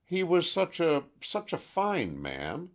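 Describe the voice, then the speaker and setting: A nervous, secretive young woman, voiced by a male audiobook reader who stammers and trembles as she speaks. Her voice sits well above his own and keeps a husky edge. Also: fairly low pitch, big pitch swings, pitched above the performer's own voice, full character voice. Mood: shaken. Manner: halting, tremulous, stammering. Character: frightened secretive young woman art student.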